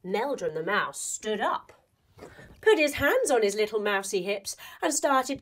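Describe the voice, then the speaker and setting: A young adult woman telling a playful children's story while guiding a yoga class, with expressive delivery and movement cues. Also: mid-range voice, measured pace. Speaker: kids yoga teacher and storyteller.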